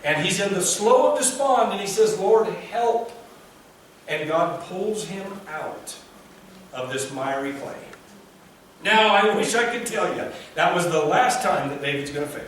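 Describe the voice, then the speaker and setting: A man preaching a sermon, animated, acting out the voices of biblical figures. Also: moderate pace, a little hiss or hum. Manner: animated, acts out biblical voices with rising pitch. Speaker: pastor. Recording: echoey distant room recording.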